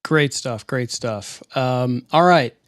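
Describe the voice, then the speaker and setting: A man's voice: medium pitch, slow pace, dry recording, studio quality. A man co-hosting a live question-and-answer show, upbeat and full of fillers as he reads out viewer questions. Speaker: co-host and moderator.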